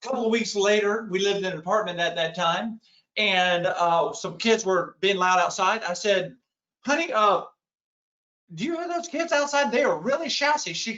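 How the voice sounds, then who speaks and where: A man's voice: high-pitched, bright, forceful tone. A man giving a keynote talk, telling a funny story and acting out the dialogue. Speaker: keynote speaker. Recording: echoey room, dull lo-fi sound.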